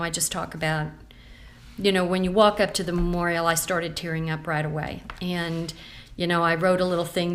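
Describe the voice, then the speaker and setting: A chatty woman walks through a scrapbook page by page. Her voice sits a little low, and she rambles warmly with plenty of ums and asides. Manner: chatty and rambling, with many fillers. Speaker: scrapbooking consultant. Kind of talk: casual show-and-tell vlog.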